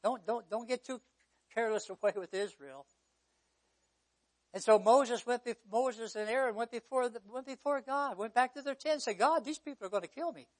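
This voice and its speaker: Southern pastor, man, very high voice, sermon delivery with loud bursts and hushed asides. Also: normal speed. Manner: preaching with surges to near-shouting and drops to a hush.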